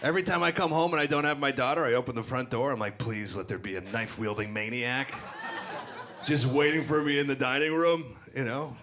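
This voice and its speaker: A middle-aged man doing a stand-up set on a club stage, with dark, deadpan crowd work and acted-out voices. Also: medium pitch, brisk. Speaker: stand-up comedian. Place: comedy club stage before a live audience. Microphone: handheld stage mic. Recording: live club recording, loud crowd laughter.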